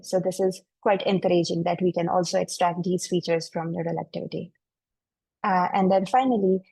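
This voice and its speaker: A woman researcher giving a technical webinar presentation, walking through her slides in a measured, explanatory way over a video call mic. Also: on the low side, vocal fry, warm tone, husky, no echo, low-quality recording.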